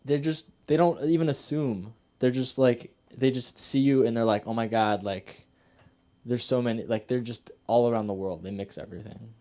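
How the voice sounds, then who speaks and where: A man's voice: mid-range voice, moderate pace, mellow. A young man doing open-mic stand-up, nervous and rambling, with many fillers and restarts. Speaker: stand-up comedian. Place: comedy club stage.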